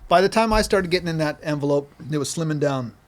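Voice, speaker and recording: A man in his forties from Minnesota, a podcast guest telling stories in an animated, excitable way, repeating himself and acting out scenes. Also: on the high side, fast talker, slight background noise. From Minnesota, USA. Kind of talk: animated storytelling in casual conversation.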